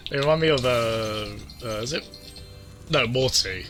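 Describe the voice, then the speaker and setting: A man's voice: mid-range voice, a little slow. A man casually chatting as he streams a video game, rambling from thought to thought and restarting his sentences, with game music behind him. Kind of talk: casual let's-play chat.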